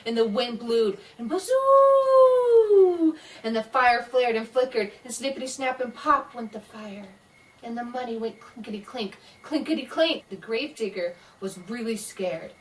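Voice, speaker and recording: A woman reading a scary story aloud in a slow, dramatic way, voicing the sound effects herself. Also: a little high, fairly even intonation, far from the mic, rough recording. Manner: slow spooky delivery with voiced sound effects.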